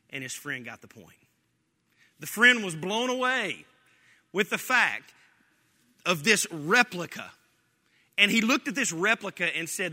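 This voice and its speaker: Joking preacher guy, pretty high voice, really bright, lots of laughing, big echoey church. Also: measured pace, pauses often. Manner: animated, joking, laughs often. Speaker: pastor. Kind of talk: sermon.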